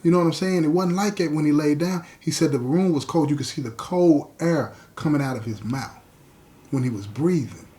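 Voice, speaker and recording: Animated male storyteller, slightly high voice. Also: brisk. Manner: animated, conversational retelling, addresses listeners directly. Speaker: podcast host.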